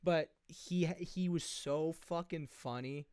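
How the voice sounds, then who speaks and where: A man's voice: fairly high pitch, slow, a little mellow, clear, resonant tone, no room sound, clean studio sound. A young man in his twenties with a New Jersey accent, riffing animatedly as a comedy podcast co-host. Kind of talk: casual chat.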